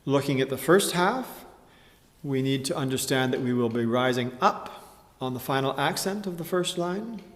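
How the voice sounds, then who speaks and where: A man teaching a chant tutorial, explaining slowly and carefully and often clearing his throat. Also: mid-range voice, expressive, in a large hall. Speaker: music teacher.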